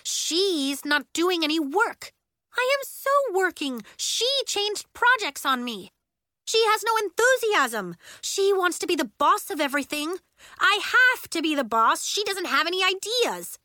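A woman's voice: very high voice, big pitch swings, unhurried, bright, forceful tone, no echo, studio quality, pitched above the performer's own voice, heavily acted. A woman voicing a bossy, indignant fifth-grade girl who complains insistently, read as an audiobook character.

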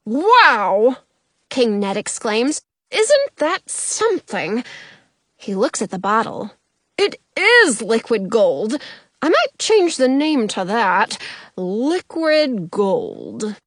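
A woman acts out a tall, imposing storybook king who bellows his orders with pompous grandeur. The delivery is slow and dry, with a high, sweeping voice. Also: wildly swooping pitch, dry recording, heavily acted. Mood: delighted.

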